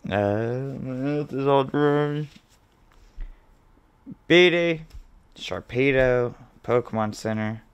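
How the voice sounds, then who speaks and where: A man hosts a card-opening video in an unhurried, smooth, clear voice. He reads card names off one by one in a relaxed, mildly profane way and gets excited when something good turns up. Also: mid-range voice. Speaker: host. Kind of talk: casual card-opening commentary.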